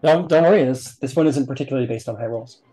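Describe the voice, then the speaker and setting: A man's voice: mid-range voice, fast, mellow, breathy edge. A man narrating as game master of a tabletop game in a casual, explanatory, rambling way.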